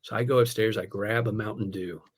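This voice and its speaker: A man who is a pastor, telling a personal story in casual conversation. He is animated, laughs often and fills his speech with "like" and "man". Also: on the low side, a little fast, husky. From United States. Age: adult, a parent.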